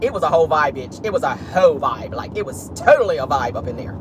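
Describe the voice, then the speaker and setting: A vlogger voicing a chattering, gossipy inmate in a high, sing-song voice, peppered with "girl" and "like.". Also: big pitch swings, quick pace, lightly acted. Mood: giddy. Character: jailed man turned girly and gossipy, chattering. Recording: noisy car interior.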